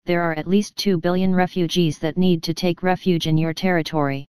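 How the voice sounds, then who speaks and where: A woman's voice: on the low side, fairly even intonation, fairly quick, a little mellow, clean tone, no echo, natural voice. A woman voicing a resigned middle-aged male commander who speaks wearily. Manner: weary, resigned.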